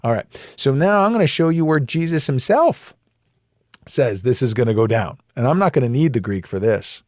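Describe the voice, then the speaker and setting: A man of middle pitch teaches scripture in a relaxed, conversational way, leaning hard on his key points. His voice sits close and dry, with no room around it. He talks plainly, like he's explaining things across a table. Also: moderate pace, no room sound. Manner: emphatic, plain-spoken, animated when making a point. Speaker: Bible teacher. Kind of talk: conversational Bible study teaching.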